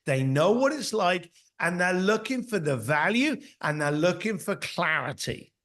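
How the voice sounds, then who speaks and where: As a guest on a podcast, a middle-aged man who is an author and mentor tells stories bluntly and acts out other people's words. He sounds very animated, with a high, fairly bright voice and a slightly slow pace.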